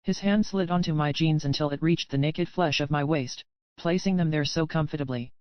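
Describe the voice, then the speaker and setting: A man narrating a dark romance audiobook in the first person, reading in an even, unhurried way. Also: fairly high pitch, smooth, no echo, highs cut off.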